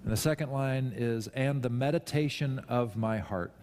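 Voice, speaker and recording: A man's voice: mid-range voice, moderate pace, a little mellow. A man preaching a sermon to his congregation, conversational and self-deprecating, with emphatic rises. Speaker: pastor. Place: church sanctuary. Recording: long hall reverb.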